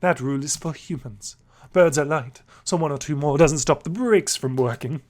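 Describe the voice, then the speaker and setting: A man voicing an intimidating, stern female sparrow in a game let's play, talking gruffly and solemnly. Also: fairly high pitch, moderate pace, lightly acted.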